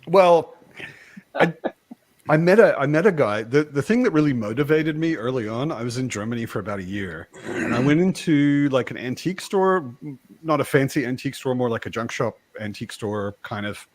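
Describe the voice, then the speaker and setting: Animated chatty American-born male host. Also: medium pitch, normal speed. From United States. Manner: animated, chatty, frequent restarts. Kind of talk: casual live chat.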